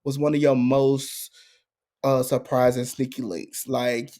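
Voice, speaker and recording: A young man co-hosting a podcast, telling a story in casual chat and jumping into high, excited voices. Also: unhurried. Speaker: podcast co-host.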